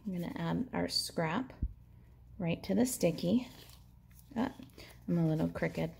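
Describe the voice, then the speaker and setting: A woman's voice: fairly low pitch, measured pace, creaky, darkish tone, a little hiss or hum. A woman demonstrating a papercraft project, chatting in an upbeat way as she narrates each hands-on step. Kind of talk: crafting tutorial.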